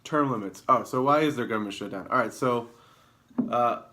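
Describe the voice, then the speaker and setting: A man hosting his own comedy show alone on camera, rambling through news headlines with deadpan, self-mocking asides. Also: mid-range voice, fairly quick, a little hiss or hum. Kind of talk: improvised comedic news rundown. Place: alone in a room, talking to camera.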